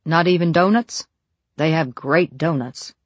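Give a folksy, friendly small-town deputy, as a narrator puts him on, chatting easily and calling out a bit louder than the narration. The sound is dry and close. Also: male voice, fairly high pitch, steady tone, moderate pace, no echo, close to an everyday voice.

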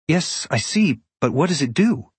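A man's voice: on the high side, very animated, normal speed, breathy edge, dry recording, pitched above the performer's own voice, exaggerated voice. A man voicing a practical, curious young woman druid who asks reasoning questions.

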